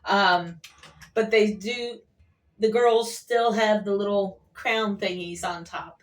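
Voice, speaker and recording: A woman vlogger chats in an easy, unhurried way, letting her story ramble with fillers. Her voice sits at a middling pitch and sounds a little distant from the microphone. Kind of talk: casual chat.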